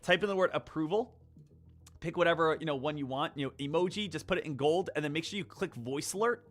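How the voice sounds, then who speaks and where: A man's voice: on the high side, fast talker. A man hosting a live day trading stream, talking casually and rambling with lots of fillers. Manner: rambling, animated, many fillers.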